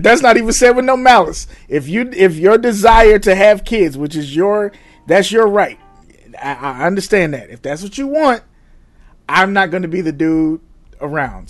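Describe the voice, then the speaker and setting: A middle-aged man co-hosting a casual chat, telling stories in a profane, animated way with frequent laughs. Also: a little high. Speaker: podcast co-host.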